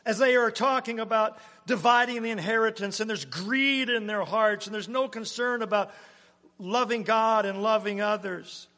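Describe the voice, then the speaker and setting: A high-pitched man delivers a sermon from the pulpit of a church. He swings between loud, pressing emphasis and soft, hushed lines that fall almost to a whisper. His voice rings with a long hall reverb. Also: moderate pace. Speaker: pastor.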